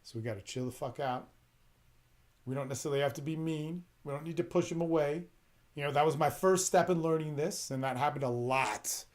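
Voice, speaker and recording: A male podcast host who rambles through relationship advice in a blunt, swearing, emphatic monologue. His voice sits a little higher than most men's, and he keeps pressing his points in a casual, unscripted way. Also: a little fast.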